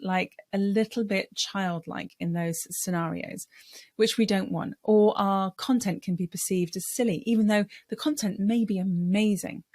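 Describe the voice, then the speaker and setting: A woman speaking coach teaching to camera in a clear, deliberate way, sometimes acting out voice styles. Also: mid-range voice, a little mellow, no echo, studio quality.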